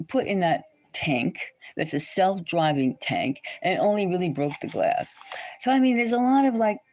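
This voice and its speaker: A woman's voice: mid-range voice, a little mellow, no echo. A woman hosting a livestream chat, talking in a rambling, indignant way with many restarts, fillers and rhetorical questions. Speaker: tarot channel host.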